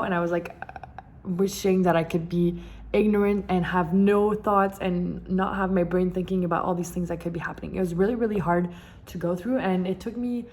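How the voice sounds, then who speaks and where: A woman's voice: lowish voice, darkish tone. A young woman, vlogging candidly and repeating words for emphasis as she tells a personal story.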